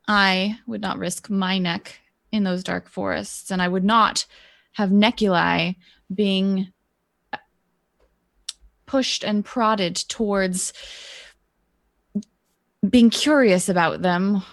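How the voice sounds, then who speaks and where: A woman voicing a cautious noble mother who warns against danger, speaking gravely and quietly. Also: mid-range voice, no echo.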